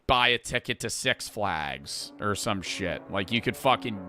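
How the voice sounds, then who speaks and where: A man in his twenties rambling through profane, lively stories and reactions as a streamer. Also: on the low side, a little slow, faint music behind. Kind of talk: casual reaction commentary.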